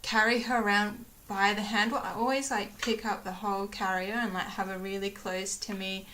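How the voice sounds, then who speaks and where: A woman's voice: medium pitch, fairly even intonation, normal speed, sharp tone. A woman vlogger chatting casually, rambling with lots of ums and getting emotional as she retells her stories. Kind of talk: casual chat.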